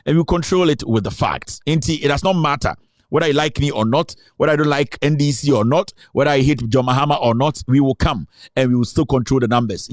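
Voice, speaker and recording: A man's voice: mid-range voice, no room sound, studio quality. A Ghanaian man hosting a live political talk stream, boastful and rambling, switching between Twi and English. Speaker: online show host.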